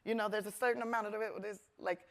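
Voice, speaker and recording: A woman comedian speaking as a guest in an onstage conversation, animated and earnest, at times emotional. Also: medium pitch, racing. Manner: animated, acts out voices in quotes. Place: conference stage.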